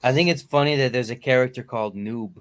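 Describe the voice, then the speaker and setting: A man's voice: mid-range voice, fast, a little hiss or hum. A man hosting a casual chat, telling stories with many fillers. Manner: enthusiastic storytelling, fillers like "like". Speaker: podcast host.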